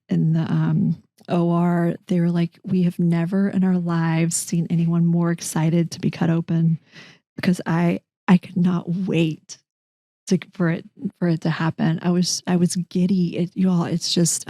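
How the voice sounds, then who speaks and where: A middle-aged woman, a guest telling a personal story in an interview, animated and voicing the people in her story. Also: lowish voice, dry recording, studio quality. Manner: animated, acts out quoted dialogue, frequent restarts. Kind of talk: conversational storytelling.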